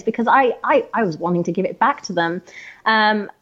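A woman's voice: medium pitch, moderate pace, a bit bright, dull audio. A woman from North Yorkshire with a neutral, slightly posh English accent, a podcast guest talking hesitantly with many ums. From North Yorkshire, England. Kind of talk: casual interview chat.

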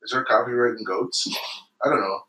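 A man's voice: mid-range voice, brisk, bright, forceful tone, echoey room, far from the mic, a little hiss or hum, rough recording. A young man in a casual podcast chat, talking in a loose, rambling way. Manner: chatty, laughing, rambling.

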